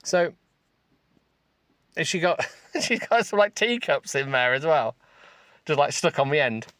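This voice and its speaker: Guy host reading stuff out and roasting it, kinda high voice, keeps cracking up, dry close sound. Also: very animated, measured pace, fairly bright tone, no room sound. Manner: sarcastic, mocking, often breaks into high giggles. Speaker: podcast host. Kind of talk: comic reading with running commentary.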